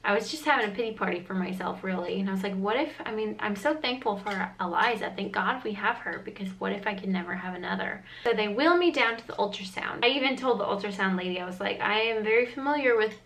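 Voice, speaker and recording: Young woman vlogger, mid-pitched, chatty and earnest, heavy on "like". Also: quick pace, vocal fry, hardly any pauses, fairly bright tone, low-quality recording. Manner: earnest, emotional retelling with frequent "like" fillers. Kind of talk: chatty personal storytelling.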